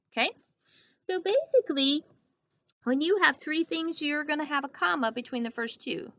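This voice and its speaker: A woman teacher giving a grammar lesson to young children, speaking slowly and clearly and checking in with "okay?". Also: high voice, animated, fairly bright tone, no echo. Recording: dull lo-fi recording.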